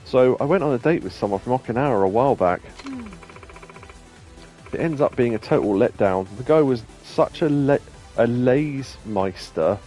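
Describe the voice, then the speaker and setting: A man's voice: mid-range voice, lively intonation, moderate pace, dark tone, faint music behind, natural voice. A man reading out the lines of a chatty young club hostess in a game, in a plain, lightly voiced manner. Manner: plain reading of on-screen dialogue.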